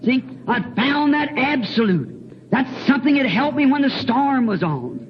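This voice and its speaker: A man's voice: extremely high pitch, lively intonation, measured pace. A man preaching an earnest, emotional sermon, repeating words and breaking into hymn lines. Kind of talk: fervent sermon with personal testimony. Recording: dull lo-fi recording with faint hiss.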